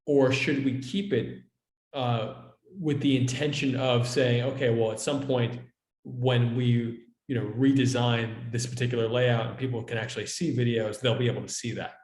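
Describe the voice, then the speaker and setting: A man leading a team meeting, asking relaxed questions about how an app feature should work. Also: mid-range voice, moderate pace. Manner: relaxed, asks questions, laughs easily. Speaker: meeting lead. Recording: echoey room.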